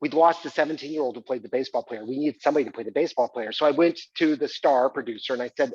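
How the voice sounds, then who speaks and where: A man's voice: medium pitch, racing, few pauses, darkish tone, breathy edge, no room sound, highs cut off. Hesitant man telling a stage monologue. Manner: hesitant, lots of fillers. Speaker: solo stage performer.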